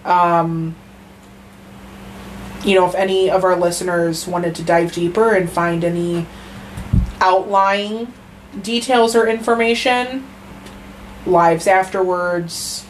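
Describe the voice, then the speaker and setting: A woman's voice: on the low side, steady tone, takes it slowly, long pauses, slight background noise, low-quality recording. A woman co-hosting a casual true-crime podcast, talking in a rambling, profane way with lots of fillers. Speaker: podcast co-host.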